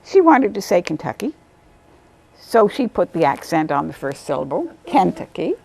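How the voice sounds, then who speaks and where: A woman, a volunteer literacy tutor, telling stories about her students in a lively interview, sometimes acting out what they said. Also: moderate pace, creaky, breathy edge, no echo. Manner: animated, acts out quotes in a higher voice. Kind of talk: storytelling interview.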